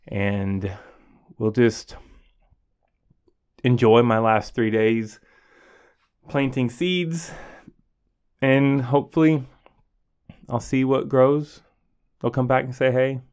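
A man's voice: fairly low pitch, a little mellow. A man, a teacher, talking earnestly and from the heart about his classroom, with many fillers and restarts. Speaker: podcast host. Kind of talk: reflective personal monologue.

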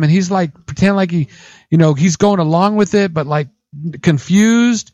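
A man hosting a casual radio talk show, telling lively stories and taking calls. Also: sits high, moderate pace, no echo. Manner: animated storyteller, mimics voices.

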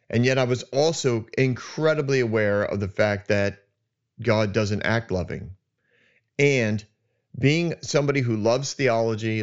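A man hosting his own podcast, talking at a studio mic in an animated, emphatic way that turns loud. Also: mid-range voice, highs cut off. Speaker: podcast host. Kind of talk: solo podcast monologue. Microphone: studio microphone.

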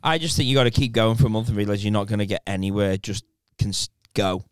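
A man's voice: fairly low pitch, fairly even intonation, fast, clear, resonant tone, no room sound. A man, co-hosting a podcast in crude, casual banter. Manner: crude, laughs a lot. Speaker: podcast co-host.

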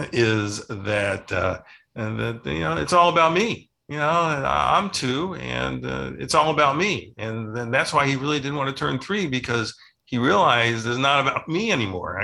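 A man's voice: mid-range voice, creaky, bright, forceful tone. An older man, a children's book author, tells family stories in a rambling interview with many restarts. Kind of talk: casual interview storytelling.

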